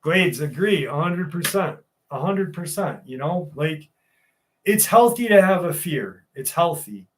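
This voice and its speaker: A man's voice: fairly high pitch, sing-song, a little slow. A man hosting a live stream, chatting casually and reading viewer comments in a loose, jokey way with plenty of swearing.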